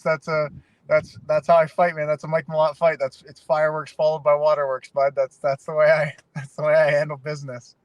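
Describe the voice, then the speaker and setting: Canadian fighter guy telling stories on a podcast, slightly high voice, dry sound. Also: brisk, no room sound, rough recording. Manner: animated storytelling, emotional. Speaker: MMA fighter guest. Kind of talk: casual interview.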